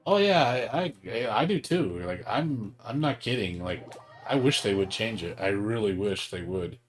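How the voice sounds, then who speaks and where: Rambling young male streamer, low voice. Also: expressive, a little slow, soft background music. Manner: rambling, filler-heavy, cursing, emphatic. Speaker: livestreamer. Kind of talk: casual gaming stream chat.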